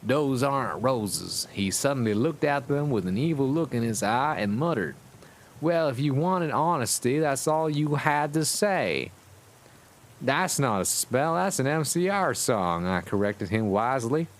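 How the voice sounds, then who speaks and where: A man putting on a surly gothic teen girl with a put-on American Southern accent, reading fan fiction aloud in a slow, drawn-out drawl as a comic dramatic reading. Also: mid-range voice, animated. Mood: snippy. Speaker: streamer.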